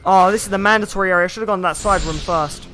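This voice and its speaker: A young man streaming a video game, chatting casually and excitably with lots of filler words as he plays. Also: high-pitched, rapid-fire, a little hiss or hum. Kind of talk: live gameplay commentary. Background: faint game music.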